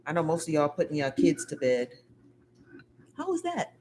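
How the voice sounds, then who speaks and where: A woman's voice: low-pitched, huge pitch swings, moderate pace, warm tone, a little hiss or hum. A woman hosting a casual livestream after show, chatty and a little tired, greeting viewers and reading their comments aloud. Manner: chatty, laughing, reads out chat comments. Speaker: livestream host.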